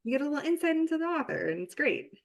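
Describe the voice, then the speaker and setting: A woman's voice: high-pitched, big pitch swings, rapid-fire, vocal fry. Chatty woman rambling on a podcast. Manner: chatty, rambling with many restarts and fillers. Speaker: author. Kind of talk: casual podcast conversation.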